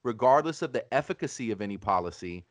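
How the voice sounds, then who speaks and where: A man's voice: on the low side, animated, fast talker, no echo. A man hosting a podcast, arguing his point in an emphatic, profane, combative way. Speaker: podcast host. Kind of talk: casual podcast debate.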